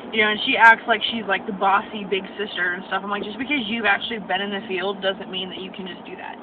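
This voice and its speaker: A woman's voice: medium pitch, steady tone, quick pace, hardly any pauses. A young woman venting about her medical assistant class in a vlog, ranting and acting out what others said. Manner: ranting, acts out quoted people. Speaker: medical assistant student vlogger. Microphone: phone camera. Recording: tinny phone audio with noise.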